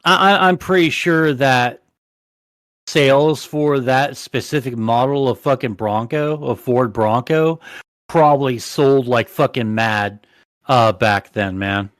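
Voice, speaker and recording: A man's voice: medium pitch, slow, a bit bright, dry recording. A man hosting a casual podcast chat, rambling and swearing constantly. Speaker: podcast host.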